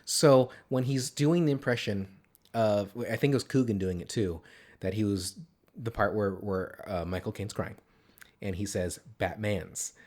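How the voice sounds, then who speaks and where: A man's voice: lowish voice, moderate pace, darkish tone. A man co-hosting a casual podcast, joking, laughing often and rambling with restarts. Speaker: podcast co-host.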